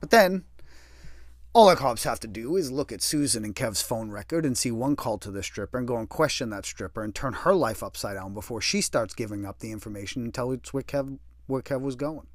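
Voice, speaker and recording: Male storyteller, sardonic and lively, very expressive pitch, dry close recording. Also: brisk, no echo. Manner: animated, sardonic, acts out other people's lines. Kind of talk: personal storytelling.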